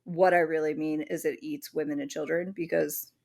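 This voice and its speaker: A woman co-hosting a podcast, presenting the episode's topic in casual chat, animated and swearing freely. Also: sits low, moderate pace, creaky. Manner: animated, swears freely, acts out little voices.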